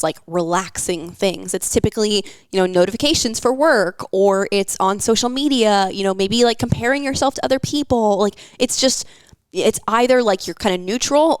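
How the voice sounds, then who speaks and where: A woman's voice: mid-range voice, clean tone, no room sound. A young woman hosting a wellness podcast, talking casually with lots of fillers and an encouraging tone. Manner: chatty, filler-heavy, encouraging.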